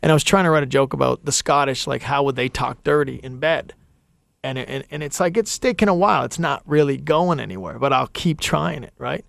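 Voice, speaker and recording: A man with a Canadian accent, a comedian guest on a radio show, telling animated stories and acting out quotes. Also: mid-range voice, brisk, creaky, no room sound. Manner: animated storyteller, acts out quotes. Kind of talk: casual radio chat. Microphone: studio microphone.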